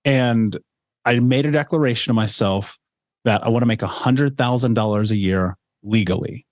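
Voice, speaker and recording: Man, 30s, podcast guest, candid storytelling, mid-pitched voice, dry sound. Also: moderate pace, a little mellow, no room sound. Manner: candid, storytelling, with asides like "right?". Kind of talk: telling a personal life story.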